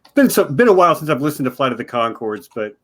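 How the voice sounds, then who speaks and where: A man's voice: medium pitch, sing-song, quick pace. A man hosting a casual chat, easygoing, mostly giving short reactions.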